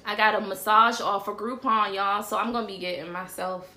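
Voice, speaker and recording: A woman hosting a casual livestream show, chatting in an animated way and calling her audience y'all. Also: medium pitch, fairly quick. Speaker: show host. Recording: roomy echo.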